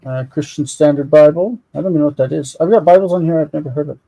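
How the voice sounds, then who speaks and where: On a rough recording, a man with a voice on the high side talks quickly, sounding creaky and dark. He co-hosts a Hebrew Bible reading live stream, chatting informally and eagerly explaining terms as he looks them up.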